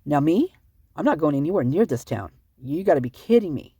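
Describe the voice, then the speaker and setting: A sleep-deprived, upset vlogger rambles through commentary, often breaking off mid-thought. The voice is husky and mellow. The recording is dry and close. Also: mid-range voice, sing-song, dry recording. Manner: fast, rambling, self-interrupting. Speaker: vlogger reading police reports.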